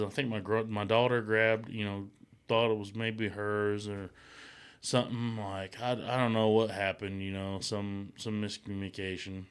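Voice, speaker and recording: A man's voice: lowish voice, flat delivery, moderate pace, clear, resonant tone. A man in a casual podcast chat, rambling through a story with lots of swearing and acted-out quotes. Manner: rambling, acts out quotes in raised voices, swears. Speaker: podcast co-host.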